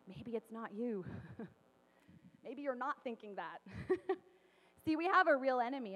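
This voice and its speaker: High-pitched lady preaching casually, lots of likes and laughs, long hall echo. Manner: chatty, many fillers, laughs often. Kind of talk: casual sermon.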